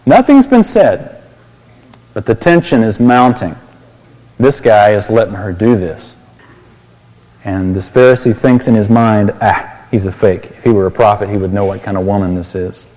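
A man's voice: fairly low pitch, animated, moderate pace, darkish tone. Man preaching in a reverberant hall. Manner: explains a Bible passage, asks the listeners questions. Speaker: pastor. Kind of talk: sermon.

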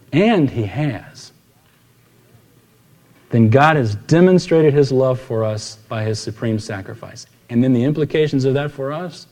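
A man's voice: mid-range voice, a little mellow. A man preaching a sermon as pastor, conversational and storytelling, acting out the dialogue of the people in his anecdotes. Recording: long hall reverb.

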